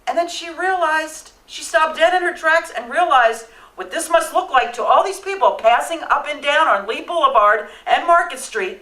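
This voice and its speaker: A woman who was a stage manager, recalling a theatre incident in an interview and shouting out the quoted lines. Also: high voice, roomy sound, recorded from a distance, low-quality recording. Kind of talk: interview anecdote.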